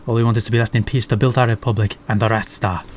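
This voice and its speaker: A man's voice: lowish voice, fairly even intonation, very fast, a little hiss or hum, natural voice. A man voicing a tough female rat drill sergeant with a Scottish accent, speaking bluntly. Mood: gruff.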